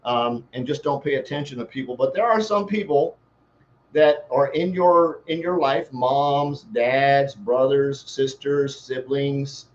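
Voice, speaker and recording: A man's voice: mid-range voice, a little slow, lo-fi sound. A man giving a motivational talk as a life coach, telling a folksy, rambling story built on homespun analogies.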